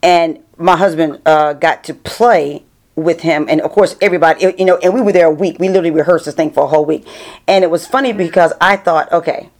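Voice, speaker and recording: A middle-aged woman interviewing a guest in a casual, animated chat, full of restarts. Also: fairly low pitch, a little fast. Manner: chatty, animated storytelling with many restarts.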